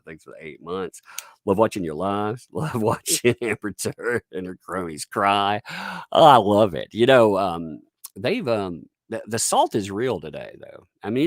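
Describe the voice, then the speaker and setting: A man's voice: fairly low pitch, no echo, studio quality. A man hosting a livestream commentary, mocking and laughing often as he talks. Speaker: YouTube commentator.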